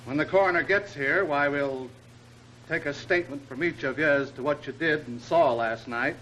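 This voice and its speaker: An actor in a 1930s film playing a gruff, bossy police inspector who barks orders. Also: male voice, on the high side, moderate pace, pushed and bright, low-quality recording. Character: brash, wisecracking police inspector. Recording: old film soundtrack with faint noise.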